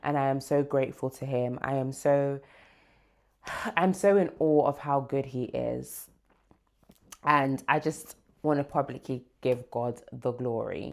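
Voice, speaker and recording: A woman hosting her own show, talking to camera with excited, emphatic gratitude and preaching about faith. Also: a bass voice. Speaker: host. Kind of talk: casual monologue to camera.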